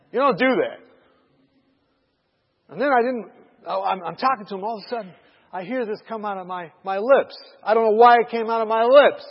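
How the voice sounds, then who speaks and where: A male preacher telling a story in a sermon. He swings between shouting and whispering. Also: high-pitched, breathy edge, long reverb tail, lo-fi sound.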